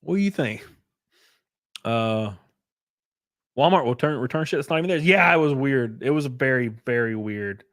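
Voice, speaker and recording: A man's voice: medium pitch, lively intonation, moderate pace, long pauses, a bit bright, no echo, clean studio sound. A man casually telling stories on his livestream, laid back and swearing freely. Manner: profane, laid-back storytelling. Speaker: streamer.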